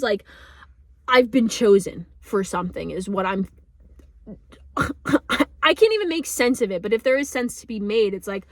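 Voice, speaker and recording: A young woman tells a personal story straight to the camera, high-pitched and emotional. She laughs nervously, swears often and fills her sentences with likes and ums. The sound is dry and close, with no room echo. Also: a bit bright. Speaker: vlogger. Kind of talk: casual storytelling.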